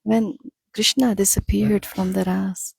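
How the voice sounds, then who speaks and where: Gravelly woman interpreting a devotional talk. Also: medium pitch, flat delivery, a little slow. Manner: simple repetitive storytelling with self-corrections. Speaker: interpreter of a spiritual discourse. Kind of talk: translated devotional sermon.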